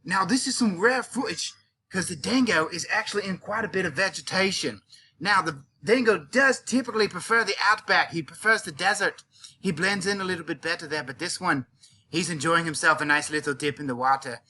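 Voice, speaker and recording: A man with a cold plays a hammy safari guide for a classroom video, scattering Aussie slang through his patter. His voice sits a little high and comes out bright and forceful. There is a faint hiss behind him. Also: a little fast. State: has a cold. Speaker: teacher hosting a mock safari. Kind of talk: playful mock nature-documentary narration.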